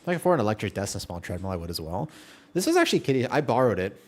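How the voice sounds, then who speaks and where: Animated man chatting on a game stream. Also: lowish voice, rapid-fire. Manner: chatty, reads and answers viewer chat while playing; laughs often, trails off mid-sentence. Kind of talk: casual live-stream chat.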